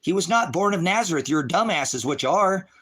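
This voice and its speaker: A man on a livestream, ranting about scripture at his chat, swearing and taunting, dropping from low mutters to high shouts. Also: lively intonation, a little fast, slightly rough. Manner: profane, taunting, mocking laughter. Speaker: livestream preacher. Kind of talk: heated livestream rant at chat.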